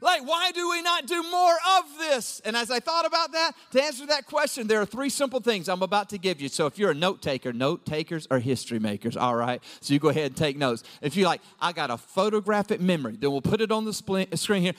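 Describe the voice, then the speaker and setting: A man preaching a lively sermon, shouting some lines and dropping to low asides as he acts out his listeners. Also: a little fast, few pauses, big-room sound. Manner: acts out quoted voices of the congregation. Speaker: pastor.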